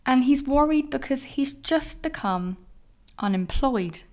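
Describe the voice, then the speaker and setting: Young woman, podcast host, storytelling, candid, sweary, expressive. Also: high-pitched, a little slow.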